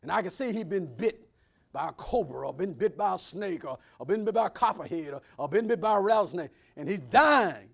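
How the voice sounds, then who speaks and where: A man preaching a sermon, swinging between loud preaching and hushed asides. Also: sits high, expressive, a little fast, vocal fry, slightly rough. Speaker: pastor.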